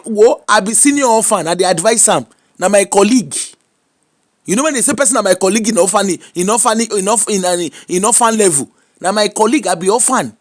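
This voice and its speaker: High-voiced Nigerian man giving emphatic advice. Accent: Nigerian, Yoruba-inflected. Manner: preachy and emphatic, mixing Pidgin and Yoruba, frequent laughs. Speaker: social media commentator. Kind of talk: animated casual commentary.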